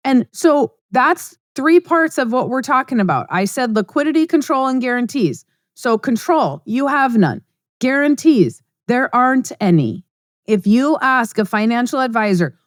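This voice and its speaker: A woman's voice: high-pitched, lively intonation, measured pace, dry recording, studio quality. A middle-aged woman hosting a podcast, talking in a blunt, emphatic, conversational monologue. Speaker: podcast host. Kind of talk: casual monologue.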